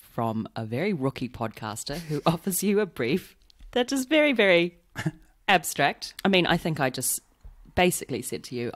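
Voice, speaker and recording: A woman hosting a podcast, chatting and laughing easily with her guest in his flat. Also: low-pitched. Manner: giggly, lively, quick to laugh. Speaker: podcast host. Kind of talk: casual interview chat.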